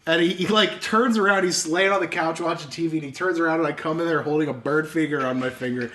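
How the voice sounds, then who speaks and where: A man's voice: a little high, fast, bright, forceful tone. A man co-hosting a podcast, telling a rambling, self-deprecating story and laughing often. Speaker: podcast co-host. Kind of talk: casual storytelling chat. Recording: echoey room with background noise.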